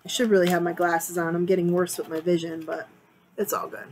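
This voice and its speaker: A woman's voice: on the low side, level tone, quick pace, a little mellow, a little hiss or hum, rough recording. A woman giving a casual, rambling tarot reading at home, chatty and prone to repeating herself. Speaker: tarot reader. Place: home, sitting on a couch area with a fan on.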